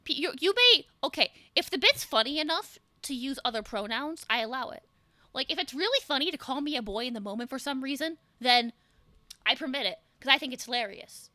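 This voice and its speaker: A young woman streams sick with the flu, her high, bright voice swooping up and down as she jokes with chat. She swears freely and fills her talk with "like". The sound is close and dry, with no room around it. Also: animated, brisk, dry recording. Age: young adult. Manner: chatty, swearing, joking with chat, lots of "like". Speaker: VTuber streamer. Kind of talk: casual live-stream chat.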